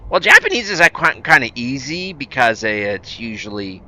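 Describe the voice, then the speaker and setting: A man's voice: mid-range voice, big pitch swings, moderate pace, sharp tone, a little hiss or hum. A man streaming a survival building game, chatting casually with his viewers and rambling through many fillers and restarts in an easygoing, self-deprecating way. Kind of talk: casual gameplay commentary answering chat.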